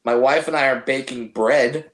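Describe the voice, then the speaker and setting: A man, a comedian guest, chatting casually on a podcast with halting restarts and profane jokes. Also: mid-range voice, steady tone, fairly bright tone, slight background noise. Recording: echoey room.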